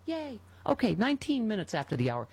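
A woman's voice: fairly low pitch, sing-song, fairly quick, a little hiss or hum. A middle-aged woman hosting a talk radio show, telling a personal story in a casual, emotional way and reading ads.

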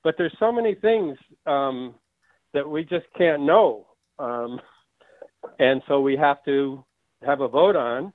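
A man phoning in to a talk radio show, his voice a little high and thinned by a tinny phone line. He rambles and hesitates, filling gaps with ums, and the line sounds dry. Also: slow, long pauses, no room sound. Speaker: caller. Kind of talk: phone-in caller.

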